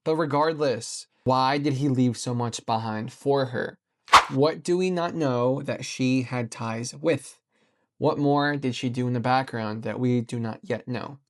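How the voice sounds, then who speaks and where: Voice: medium pitch, unhurried. A speaker giving questioning reaction commentary.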